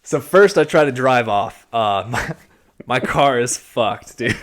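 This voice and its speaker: A man's voice: medium pitch, slow. Man telling a wild story on a podcast. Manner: animated, swearing, acts out his own past lines. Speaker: podcast co-host. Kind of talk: casual storytelling.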